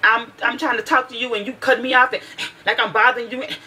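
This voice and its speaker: A woman's voice: a little high, fairly even intonation, fast, bright, forceful tone, poor audio. A mother telling a heated, profane story about her teenage daughter in a casual vlog, with lots of restarts.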